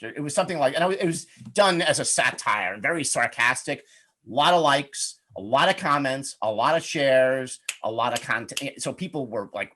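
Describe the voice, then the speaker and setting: A man's voice: mid-range voice, a bit bright. A middle-aged man giving a webinar on networking, talking in a chatty, upbeat way and acting out sample questions. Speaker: webinar presenter, networking coach. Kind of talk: conversational webinar talk.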